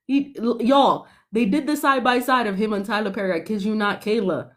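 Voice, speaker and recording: A young woman giving animated, sassy commentary on a reality show, laughing often. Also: mid-range voice, quick pace. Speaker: podcast panelist.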